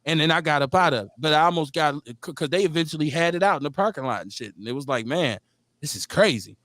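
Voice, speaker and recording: Animated man telling stories on talk radio. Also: on the high side, racing, no room sound, clean studio sound. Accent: Milwaukee. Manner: storytelling, animated, acts out the people in his stories. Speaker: radio show host. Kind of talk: casual chat.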